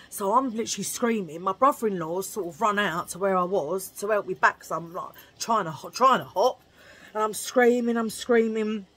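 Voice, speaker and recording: A woman's voice: medium pitch, a bit bright, slightly rough. A woman vlogger telling a rambling story in a chatty, jokey way, laughing at her own remarks.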